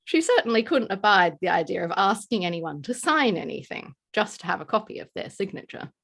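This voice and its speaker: A woman's voice: medium pitch, big pitch swings, a little fast, gravelly, fairly bright tone. A woman reading a story aloud as narrator, giving small voice shifts to quoted characters. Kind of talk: scripted narration.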